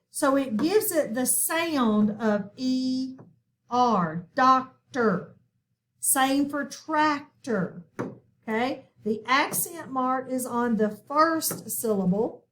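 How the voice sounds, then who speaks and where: A woman's voice: sits high, fairly bright tone, a little hiss or hum. A woman teaching a recorded phonics lesson, patient and checking in often with her listeners.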